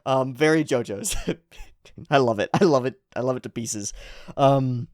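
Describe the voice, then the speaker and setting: A man's voice: medium pitch, unhurried, no room sound, studio quality. A man giving casual, enthusiastic anime reaction commentary, chuckling often as he talks.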